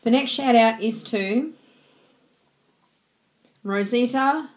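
A woman hosts a vlog of shoutouts, running through the same friendly formula for each one. Her voice is a little higher than average. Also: slow pace, poor audio. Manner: repeats a set friendly formula. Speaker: host giving shoutouts.

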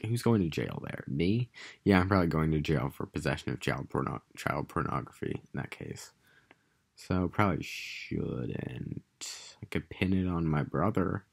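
A man's voice: rumbling low, vocal fry. A young American man talking to his own channel in a crude, meandering casual monologue full of fillers and restarts. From United States. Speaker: vlogger.

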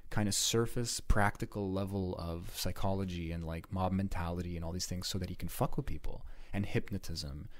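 A man's voice: low-pitched, fairly even intonation, fairly quick, few pauses. A man co-hosting a laid-back podcast, rambling in casual chat with lots of fillers and swearing. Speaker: podcast co-host.

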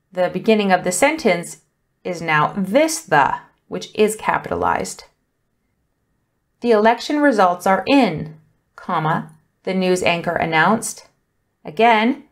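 A woman teaching an English punctuation lesson, explaining rules clearly and deliberately while reading example sentences aloud. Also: mid-range voice. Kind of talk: grammar lesson.

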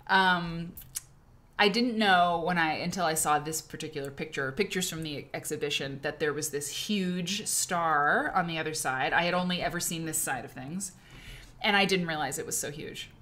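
A woman's voice: deep voice, moderate pace, sharp tone. Woman host, middle-aged, Iowa-raised, effusive live-stream chatter, gushing. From Iowa, USA. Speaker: podcast host. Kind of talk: casual live-stream chat.

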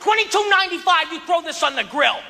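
A male stand-up comedian who talks in an animated, exclaiming way and keeps jumping into voices. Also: extremely high pitch, fast talker, creaky, very noisy. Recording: live hall with loud audience laughter.

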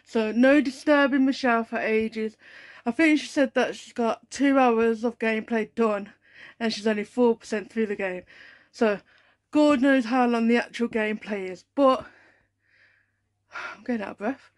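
A woman's voice: a little high, normal speed. A British woman hosting her own weekly vlog, talking in a chatty, upbeat and rambling way. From United Kingdom. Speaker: vlogger host.

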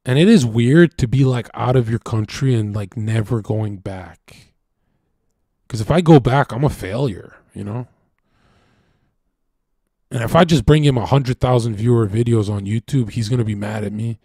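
Young man from Canada, streamer, casual rambling monologue, lots of swearing, loud bursts then low mutters, dead dry close recording. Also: moderate pace, no room sound.

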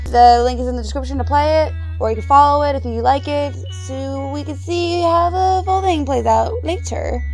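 A woman's voice: fairly high pitch, darkish tone. A young woman playing through a horror game demo, chatting, reacting and talking to things she finds on screen. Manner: chatty, jumpy, talks to objects on screen. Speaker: gaming YouTuber. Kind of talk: horror game let's play.

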